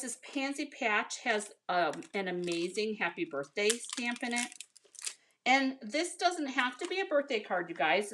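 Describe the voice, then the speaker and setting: A woman's voice: fairly high pitch, background noise. An American woman chatting casually with viewers as she demonstrates a card-making project, calling them "you guys" and "honey.". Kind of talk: casual craft tutorial.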